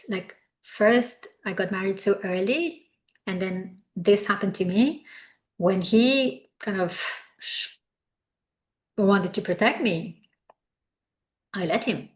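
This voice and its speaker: A woman's voice: medium pitch, slow. Reflective middle-aged woman sharing her story. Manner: reflective and confessional, frequent "like" fillers. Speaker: wellness coach. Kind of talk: personal storytelling talk.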